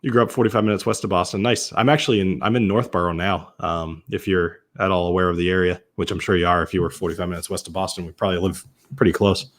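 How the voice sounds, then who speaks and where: A man from Massachusetts hosts a relaxed live-stream tasting in a fairly low voice. He talks loosely and chattily, trips over words, and corrects himself mid-sentence while answering viewers. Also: fast talker. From Massachusetts, USA. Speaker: whiskey reviewer hosting a live stream.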